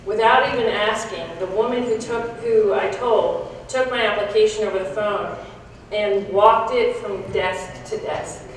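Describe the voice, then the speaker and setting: A woman's voice: mid-range voice, steady tone, measured pace, a little hiss or hum. A woman giving a frank, reflective talk to a conference audience, with small restarts as she goes. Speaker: conference speaker. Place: large conference hall. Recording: echoey hall, picked up from a distance.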